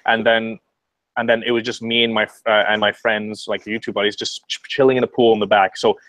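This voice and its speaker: A man's voice: lowish voice, level tone, fast, a bit bright, no room sound, poor audio. A man chatting casually as a guest on a video call, rambling and profane with frequent restarts. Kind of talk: casual chat.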